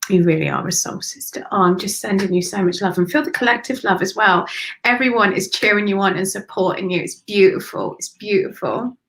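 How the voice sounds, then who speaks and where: A woman doing live spiritual readings for viewers, speaking softly and affectionately, with sighs and drifts into whispers. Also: medium pitch, moderate pace, a little hiss or hum, poor audio. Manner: emotional, breathy sighs and gushing warmth. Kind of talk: live-streamed channelled readings.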